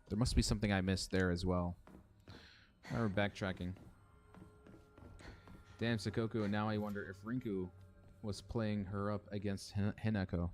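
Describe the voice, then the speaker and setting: A young man streaming a horror game, chatting casually, swearing and answering his chat. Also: lowish voice. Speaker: gaming streamer. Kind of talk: casual let's-play commentary.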